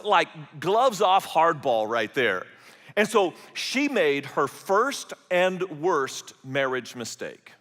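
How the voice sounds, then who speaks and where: A man's voice: on the high side, a bit bright. A man preaching a sermon, telling the story with animation and briefly acting out the characters' voices. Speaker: pastor. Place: church auditorium. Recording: large hall with long reverb.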